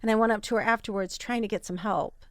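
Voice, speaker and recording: A candid woman in her thirties tells her own story with earnest feeling, her pitch sitting in an ordinary middle range. The sound is dry and close, with no room around her voice. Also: fairly even intonation, fast, no room sound. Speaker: podcast host. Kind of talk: personal storytelling.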